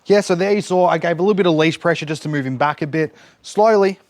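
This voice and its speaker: A man's voice: fairly high pitch, very fast, a little hiss or hum. Dog trainer man coaching his dog. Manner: explains steps while giving his dog short cues and praise. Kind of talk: hands-on training demonstration. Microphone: camera set up nearby.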